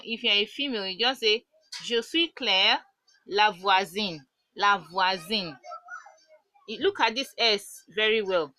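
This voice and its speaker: A woman teaching a beginner French lesson, patiently repeating words slowly to show the pronunciation. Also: medium pitch, sharp tone, no echo, poor audio. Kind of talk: online language lesson.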